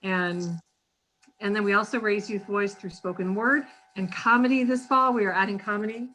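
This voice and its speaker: A woman's voice: mid-range voice, fairly even intonation, moderate pace, sharp tone, rough recording. A woman, founder of a charity, giving a short earnest upbeat talk to a comedy audience, with frequent ums. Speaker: charity founder and guest speaker.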